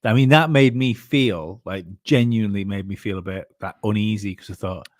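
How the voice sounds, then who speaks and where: A man's voice: on the low side, moderate pace, no room sound, studio quality. A man co-hosting a casual podcast chat, telling stories in a rambling way. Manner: rambling, filler-heavy storytelling. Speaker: co-host.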